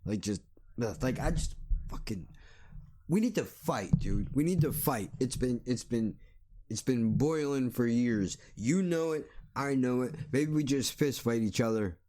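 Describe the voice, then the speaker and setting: A man's voice: mid-range voice, lively intonation, measured pace, dark tone. A man hosting a solo podcast, ranting bluntly and sarcastically with plenty of swearing. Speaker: podcast host.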